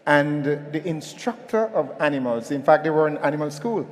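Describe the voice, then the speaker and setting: A man's voice: fairly high pitch, moderate pace, big-room sound. A man giving a motivational keynote at a conference, telling a story and calling on the audience to respond. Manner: animated, storytelling, calls on the audience. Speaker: keynote speaker. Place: hotel conference hall.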